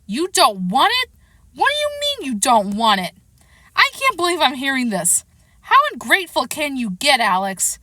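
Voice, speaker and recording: A woman's voice: medium pitch, expressive, normal speed, hardly any pauses, a bit bright, no echo, studio quality, close to an everyday voice. A woman voicing an indignant, scolding dad. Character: baffled, indignant father of a boy.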